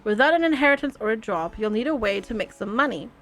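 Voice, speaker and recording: A woman's voice: a little high, animated, fast talker, a bit bright, soft background music. A woman hosting a gaming video, playfully reading the game's text aloud and chatting about it. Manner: playful, laughs often. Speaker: gaming channel host. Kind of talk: reading game text aloud with casual commentary.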